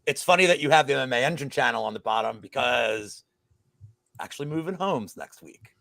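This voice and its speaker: A man guesting on a sports betting show, chatting casually, excitable and swearing freely. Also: medium pitch, fairly quick, gravelly, no echo. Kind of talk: casual chat.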